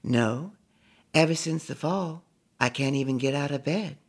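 A man voicing a weary, bedridden older woman who speaks quietly and slowly. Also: a little high, pitched above the performer's own voice.

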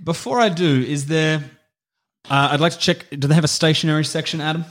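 A man's voice: fairly high pitch, fairly even intonation, brisk, fairly bright tone. A man playing in a tabletop game, speaking politely and hesitantly with plenty of fillers. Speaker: player.

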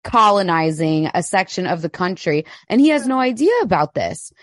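A woman's voice: fairly low pitch, big pitch swings, normal speed, dry recording, studio quality. A young adult woman co-hosting a casual podcast chat, blunt and indignant, swearing freely. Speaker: podcast co-host.

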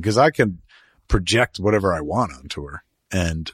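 Middle-aged male co-host, husky and low, swings his pitch a lot, dry wit and plenty of swearing. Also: moderate pace, no echo. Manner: profane, wry, animated. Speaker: podcast co-host. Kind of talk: casual chat.

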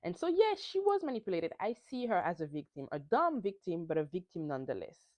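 A woman's voice: lowish voice, big pitch swings, fairly quick, no room sound, lo-fi sound. A woman hosting a podcast, recapping reality TV in a casual, emphatic way and swearing freely. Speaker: podcast host.

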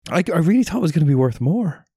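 A man co-hosting a podcast in casual chat, wry and quick to swear. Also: a little high, breathy edge, no echo, studio quality. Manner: wry, swears often, lively delivery. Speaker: podcast co-host.

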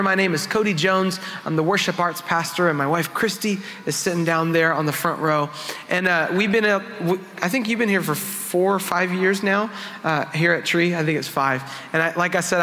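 A man with a high, bright, forceful voice preaches to his congregation in an easygoing, storytelling way. His words ring out with a long reverb through the church hall. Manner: conversational, self-deprecating storytelling. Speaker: worship pastor. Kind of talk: sermon with personal stories. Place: church sanctuary.

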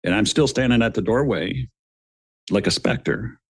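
A middle-aged man with a fairly low voice tells a dramatic story as a guest on a podcast. He speaks earnestly, calls his listeners "gentlemen," and repeats words as he builds toward each point. The sound is dry and close. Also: moderate pace, slightly rough, no echo. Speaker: guest, retired police officer.

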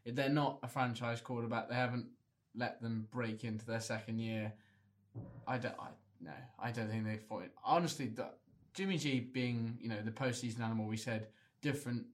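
A man co-hosts a casual sports podcast. He speaks drily and bluntly, sharing matter-of-fact opinions. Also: medium pitch. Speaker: podcast co-host.

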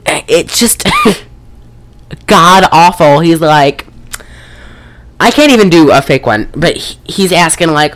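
Rambling through a movie recap, this podcast co-host curses a lot and leans heavily on fillers, keeping it casual. The speech moves at normal speed in a medium-pitched, slightly bright voice.

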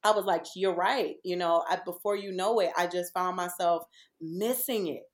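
A woman's voice: fairly low pitch, moderate pace. A woman in her thirties or forties, a podcast guest chatting casually and telling stories with lots of laughter. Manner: animated storyteller, laughs often.

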